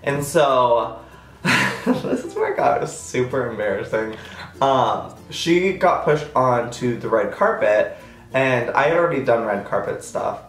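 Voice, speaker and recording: A man's voice: very animated, measured pace, faint music behind. Chatty man telling a story, echoey. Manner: chatty, self-mocking, acts out quotes with jumps in pitch. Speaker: vlogger. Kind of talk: casual storytime.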